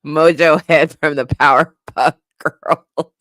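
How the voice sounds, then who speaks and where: Her voice is low-pitched and she takes things slowly, recorded with clean studio sound and no room echo. She hosts a casual commentary stream, reading out chat comments and reacting lively and animatedly, laughing often.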